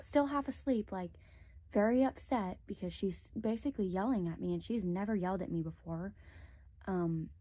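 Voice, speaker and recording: Young woman with a mellow, dry voice. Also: medium pitch, no room sound. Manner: rambling, lots of "like" fillers. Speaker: storyteller. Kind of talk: casual spoken storytime.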